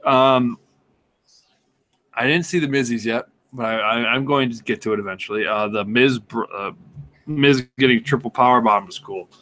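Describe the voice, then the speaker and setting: A man co-hosting a casual sports podcast, excitable and sarcastic, swearing and laughing as he talks. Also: medium pitch, normal speed, slight background noise. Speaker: podcast co-host.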